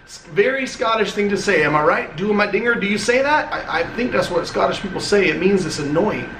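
Man, high-pitched voice, casual fan-mail vlog, rambling and profane, echoey room. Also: animated, fairly quick, background noise. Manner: chatty, rambling, swears casually. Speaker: vlogger opening fan mail. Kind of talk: casual chat.

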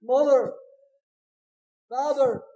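A man with a Northern Irish accent, preaching a sermon as pastor, swinging between loud cries and hushed low lines. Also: steady tone, very slow, poor audio. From Northern Ireland. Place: church meeting hall.

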